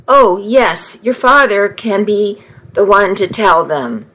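A woman reading a story aloud, voicing a shrill, vain, self-pitying middle-aged mother with dramatic indignation. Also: animated, slow, fairly bright tone, low-quality recording.

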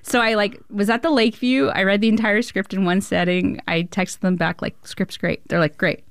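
A woman's voice: medium pitch, fairly quick, smooth, no room sound, studio quality. A woman film director, a guest on an interview show, telling a story casually, laughing often and acting out what people said. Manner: animated, laughs often, acts out dialogue.

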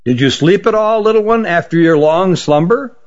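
A harsh old male magician who lectures with indignation, played by a man. He speaks in a raised, higher voice. The recording sounds dull and lo-fi. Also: expressive, moderate pace. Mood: inquiring. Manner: scolding, indignant.

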